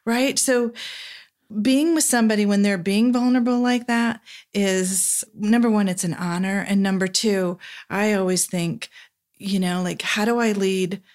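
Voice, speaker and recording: A woman's voice: medium pitch, fairly even intonation, measured pace, a little mellow. A woman therapist as a guest in a conversation, speaking reflectively and often checking in with "right?". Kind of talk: casual podcast conversation.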